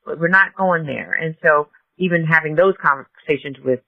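A man's voice: fairly high pitch, normal speed, vocal fry, dry recording, phone-quality sound. A man hosting a podcast, talking casually with many hesitations and restarts. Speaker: podcast host.

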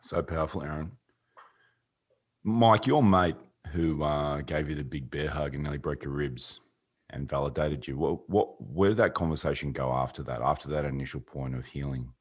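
A man co-hosting a podcast, asking a guest a warmly probing follow-up question. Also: extremely low pitch, normal speed, husky.

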